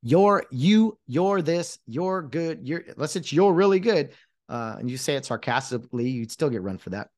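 A man's voice: medium pitch, lively intonation, normal speed, few pauses. A man in his late thirties, a podcast host and former umpire, ranting with exasperation in a solo monologue, often restarting his sentences. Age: late 30s.

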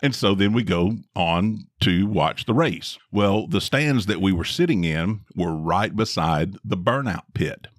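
A middle-aged man co-hosting a podcast, telling a story in a dry, drawn-out way with wry emphasis. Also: low-pitched, expressive, no echo. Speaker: podcast co-host. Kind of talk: casual storytelling chat.

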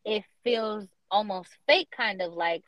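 A woman's voice: medium pitch, measured pace, no room sound. Emphatic young woman podcast co-host. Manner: emphatic, slangy, lots of "like". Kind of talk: casual chat. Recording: dull lo-fi podcast audio.

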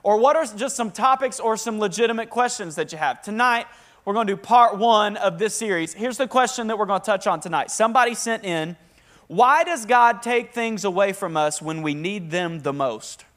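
A young man with a Southern accent preaching a lively, joking sermon to a congregation and prompting them to answer back. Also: sits high, normal speed. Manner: talkative, energetic, joking. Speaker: pastor. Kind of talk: lively sermon with call-and-response. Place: church hall with a live congregation.

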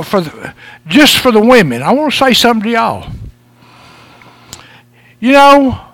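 A pastor preaches in a folksy, chuckling way, telling jokes to his church. His voice sits high and swings up and down a lot. The sound is close and dry. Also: a bit bright, dry recording. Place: church service.

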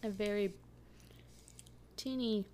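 A woman's voice: medium pitch, fairly even intonation, slow, darkish tone, slight background noise. A woman co-hosting a casual podcast chat, teasing with dry quips and giggling. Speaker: podcast co-host.

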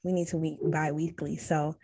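A woman co-hosting a podcast speaks in an emphatic, slangy, chatty way. Her voice sits a bit low, and the recording is dry, with no room sound. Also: flat delivery, normal speed, warm tone, slightly rough, dry recording. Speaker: podcast co-host. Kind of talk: casual chat.

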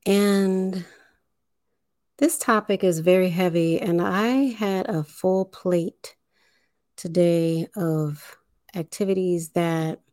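Slow, low-voiced woman livestream host. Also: a little mellow, dry recording, clean studio sound. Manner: deliberate, enunciating, leads breathing exercises. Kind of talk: slow spiritual livestream talk.

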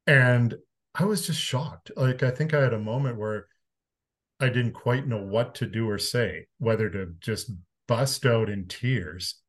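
A man from Canada, an interview guest, telling a personal story in a frank, conversational way, swearing casually and moving between calm and emphatic. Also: medium pitch, unhurried.

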